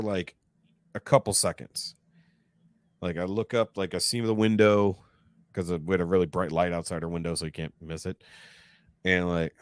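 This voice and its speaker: Man, low voice, casual profane storyteller, dry close sound. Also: no room sound. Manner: profane, animated retelling with acted-out quotes. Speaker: podcast guest.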